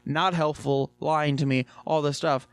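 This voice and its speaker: A man with a somewhat high voice talks through a cartoon episode in a loose, rambling way, filling gaps with fillers. The sound is dry and close, with no room echo. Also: fairly even intonation, measured pace, smooth. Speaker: reviewer. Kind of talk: casual episode review.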